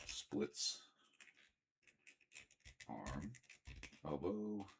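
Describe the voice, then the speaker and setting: A young man chatting casually as he unboxes and reviews action figures, rambling and often clearing his throat. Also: very deep voice, big pitch swings, very slow, fairly bright tone, slight background noise. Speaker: toy reviewer.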